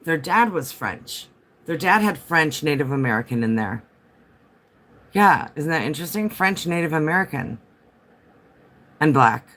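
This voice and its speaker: A man's voice: on the high side, expressive, a little slow, long pauses, fairly bright tone. A man chatting casually on a home livestream, rambling from topic to topic and answering viewer comments as they come in.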